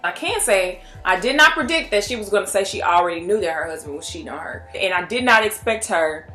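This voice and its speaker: Excited chatty young woman reviewing a movie. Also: medium pitch, brisk, faint music behind. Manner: excited, chatty, with frequent restarts. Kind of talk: casual vlog review.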